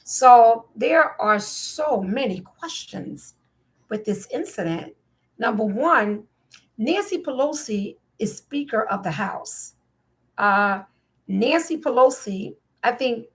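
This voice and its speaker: Chatty woman with a higher voice. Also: animated, takes it slowly, a bit bright. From New Jersey. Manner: chatty, rambling, incredulous questioning. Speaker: podcast host. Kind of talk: casual opinion monologue.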